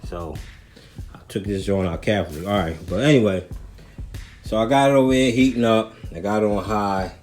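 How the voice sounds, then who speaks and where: A man casually talking viewers through his RC car parts in a home kitchen, loose and slangy. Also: deep voice. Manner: loose, slangy, chatty, addresses viewers as people. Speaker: RC hobby vlogger. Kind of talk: casual how-to vlog.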